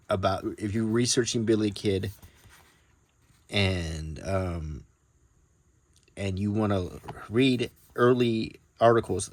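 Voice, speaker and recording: In a casual, unplanned chat, a man muses softly over the books he collects, his voice on the low side and the recording free of echo. He drifts along with frequent ums and restarts, reading old newspaper passages aloud at a measured pace.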